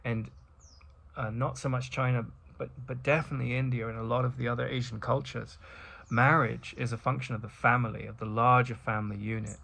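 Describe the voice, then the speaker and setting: A man's voice: medium pitch, level tone, fairly quick, creaky, sharp tone. A middle-aged man giving a reflective, rambling monologue as host of a spiritual talk, with many restarts and asides.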